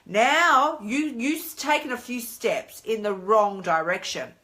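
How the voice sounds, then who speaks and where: An Australian woman in her thirties talking casually on a live stream as a coach, chatty and animated, acting out inner voices. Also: a little high, slow. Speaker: weight-loss coach hosting a live stream.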